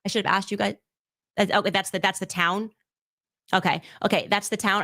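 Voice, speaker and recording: A woman's voice: mid-range voice, fairly quick, no echo, clean studio sound. Woman puzzling over messages aloud. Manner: puzzled, thinking out loud with restarts. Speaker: commentator. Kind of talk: reading messages aloud and analyzing them.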